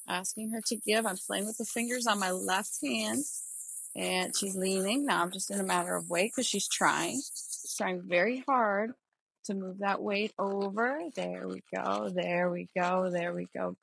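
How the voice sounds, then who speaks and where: A woman trainer narrates from horseback, walking through each cue as she rides. Her voice has a gravelly edge and sits close and dry. She talks in a relaxed, explanatory way. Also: mid-range voice, dry recording, low-quality recording. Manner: relaxed, explanatory, thinking aloud while riding. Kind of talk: riding lesson narration while mounted. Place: outdoors on horseback.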